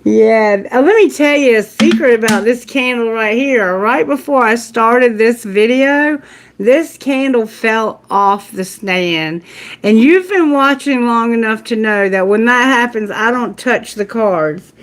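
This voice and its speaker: A fairly high-voiced woman doing a live tarot reading, unhurried and chatty. She laughs easily and talks straight to spirit and to her candle as she goes. She is middle-aged and casual. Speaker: tarot reader.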